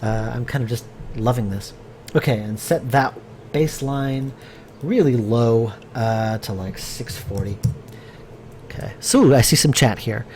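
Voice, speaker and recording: A man's voice: mid-range voice, a little slow, darkish tone, a little hiss or hum. A man casually thinking aloud as he works during a live stream, rambling with fillers and restarts, answering viewer chat. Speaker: game developer streaming his work. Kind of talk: casual live-stream commentary while working.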